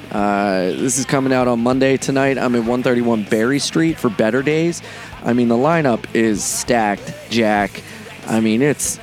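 A man hosting his own podcast, a comedian talking in a brash, profane, excitable monologue. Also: mid-range voice. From Delaware. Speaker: podcast host and stand-up comedian.

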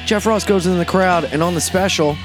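A man hosting his own podcast, a comedian talking in a brash, profane, excitable monologue. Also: high voice, a little fast, over music. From Delaware. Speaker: podcast host and stand-up comedian.

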